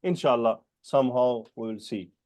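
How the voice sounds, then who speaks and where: A man's voice: mid-range voice, a little mellow. Male teacher explaining Arabic grammar. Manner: questioning students by name, explaining terms slowly. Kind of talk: online Quran grammar lesson.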